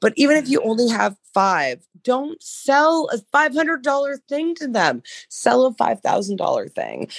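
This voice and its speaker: A woman co-hosting a podcast in casual chat, hoarse from losing her voice, rambling and swearing freely. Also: medium pitch, no room sound. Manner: rambling, profane, animated. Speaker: podcast co-host, dog trainer business coach.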